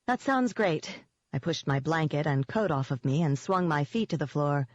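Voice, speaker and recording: An audiobook narrator reading a first-person fantasy novel at a steady, measured pace. The sound is dull with muffled highs, and completely dry with no room echo.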